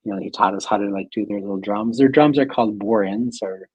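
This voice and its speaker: A man with a husky, slightly low voice tells a story in loose, chatty conversation, with fillers and frequent laughter. The sound is dry and a little muffled, like a lo-fi remote feed. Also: brisk, darkish tone, no room sound. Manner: laughs often while telling stories, rambling with many fillers. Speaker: guest, clinic doctor.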